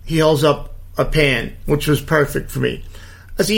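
A man in his fifties rants through a story in a fairly high, gravelly voice. He talks bluntly, swears freely and sounds indignant. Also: moderate pace, fairly bright tone. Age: 50s. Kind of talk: casual storytelling rant.

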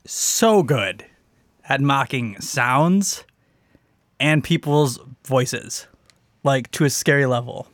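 A man in casual podcast chat who laughs often and bursts into loud shouted curses. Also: medium pitch, expressive, takes it slowly, long pauses, no room sound, studio quality. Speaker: podcast co-host.

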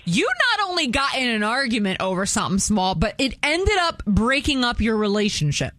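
A woman's voice: on the high side, big pitch swings, fairly quick, a bit bright, no echo. Chatty woman radio host, dry sound. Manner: chatty, laughs while telling stories. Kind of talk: casual radio call-in chat.

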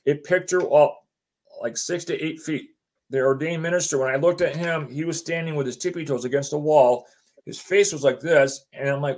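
With a medium-pitched voice and a fairly quick delivery, this homeowner relays what happened to him. He keeps it casual and animated, voicing the quotes of other people as he goes.

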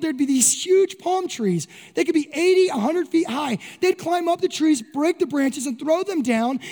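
A man preaching a sermon as pastor, animated, acting out crowd voices and asking rhetorical questions. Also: extremely high pitch, in a large hall.

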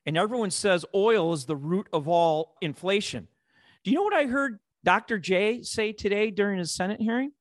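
Brief: podcast host, man, Chicago accent, opinionated rant, lively and rhetorical, dry voice. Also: high-pitched, normal speed, no room sound. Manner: animated, rhetorical, on a soapbox. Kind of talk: opinionated finance podcast talk.

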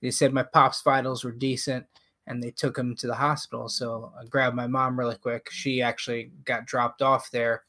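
A man's voice: mid-range voice, normal speed. A man in casual conversation, telling a story and acting out what people said. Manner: animated storyteller, acts out quotes. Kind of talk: casual chat.

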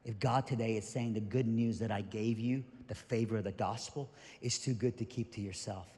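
A male pastor preaching a sermon with animated, emphatic storytelling, recorded in a reverberant church hall. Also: lowish voice, normal speed.

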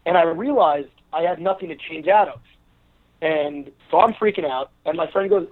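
A man's voice: a little high, moderate pace. A man, a podcast guest, telling a long story in a rambling casual way with many fillers and restarts. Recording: narrow phone-like line.

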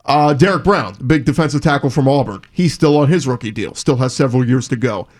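A man's voice: mid-range voice, expressive, fairly quick, darkish tone. A man co-hosting a sports talk show, reading a report and talking through player options. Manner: conversational, reads reports then lists players. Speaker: sports talk radio co-host.

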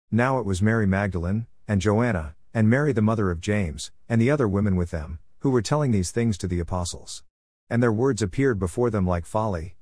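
A man reading scripture aloud in a steady, measured narration. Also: on the low side, no echo, clean studio sound. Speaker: scripture reader.

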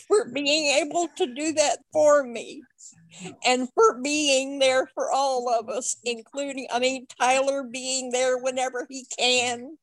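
A woman's voice: high voice, fairly even intonation, no room sound, rough recording. A woman calling in to a podcast, earnest and heartfelt, near tears as she speaks. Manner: earnest, heartfelt, lists words slowly. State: tearful, near crying. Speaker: fan calling in. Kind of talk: casual podcast chat.

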